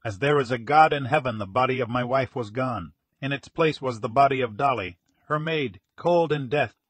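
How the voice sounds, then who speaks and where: A man's voice: mid-range voice, moderate pace, slightly rough, dry recording, lightly acted. A man voicing a frantic, grief-stricken gray-haired older man who shrieks, rages and sobs. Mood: grieving. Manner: shrieking, raging, sobbing.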